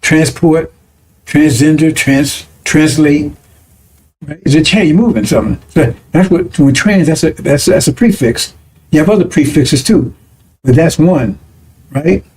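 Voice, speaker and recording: A male preacher teaches his congregation in a loose, conversational way. His voice sits a little high and has a dark, mellow tone, and he keeps stopping to check that his listeners follow him. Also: unhurried, a little hiss or hum. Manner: conversational, repeats 'right?' and 'see?' to check listeners. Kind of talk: broadcast sermon teaching.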